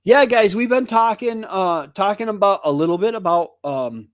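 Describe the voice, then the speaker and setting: A man's voice: sits high, expressive, moderate pace, no echo, studio quality. A man hosting a casual live stream, rambling and chatty as he greets viewers by name from his home.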